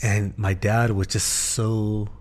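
A man's voice: lowish voice, flat delivery, slow pace, a little hiss or hum. A man, a podcast co-host and pastor, telling his life story in casual conversation, earnest and full of restarts. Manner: earnest, with frequent restarts and fillers.

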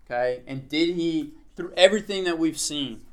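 Leading a small group in a Bible lesson, a man reads scripture slowly aloud and then explains it conversationally, frequently checking in with "okay?". His voice is fairly high in pitch.

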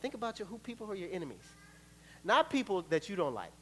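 A man preaching a sermon as pastor, conversational and animated, joking with the congregation. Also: sits high, quick pace, a little hiss or hum. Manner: animated, acts out quoted voices, laughs between points.

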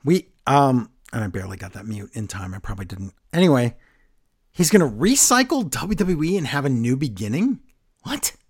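A man's voice: mid-range voice, moderate pace, breathy edge. A man co-hosting a podcast, recapping wrestling in casual chat and acting out quotes for laughs. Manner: animated, jokey, acts out quotes. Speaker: podcast co-host.

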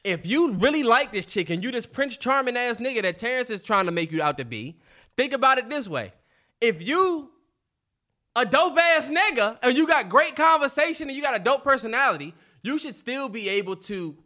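High-voiced animated podcast co-host man. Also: normal speed. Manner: animated, cursing, storytelling. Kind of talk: heated casual debate.

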